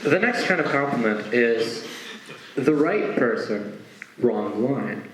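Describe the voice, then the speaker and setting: A man's voice: medium pitch, takes it slowly, slight background noise. Young guy doing stand-up, chatty with asides, voice bouncing all over, echoey room. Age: young adult. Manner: conversational, with frequent asides and lively acted quotes. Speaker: stand-up comedian. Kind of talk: stand-up comedy set. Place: stage performance. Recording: roomy echo.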